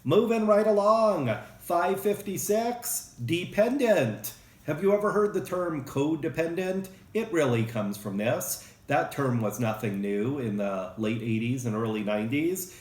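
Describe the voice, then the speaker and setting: A man's voice: mid-range voice, expressive, unhurried, darkish tone. A man giving a casual psychology lecture, joking and acting out short examples. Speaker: psychology professor. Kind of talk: recorded lecture. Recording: roomy echo.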